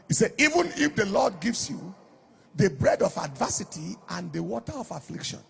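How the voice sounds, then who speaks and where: High gravelly preacher guy, shouty sing-song sermon. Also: sing-song, normal speed. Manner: emphatic preaching, shouting and lilting on key phrases. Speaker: pastor.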